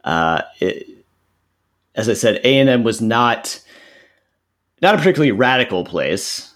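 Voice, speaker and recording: A man's voice: mid-range voice, sing-song, measured pace, fairly bright tone. A man from Texas in his thirties talking in a casual interview, thoughtful and hesitant, with many fillers and restarts. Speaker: guest.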